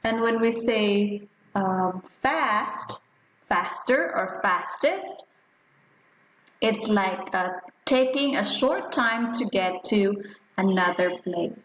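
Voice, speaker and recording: A woman science teacher giving an online lesson to young pupils, speaking slowly and deliberately and often checking in with "right?". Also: mid-range voice, animated, a bit bright, roomy sound, a little hiss or hum, poor audio. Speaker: primary school science teacher.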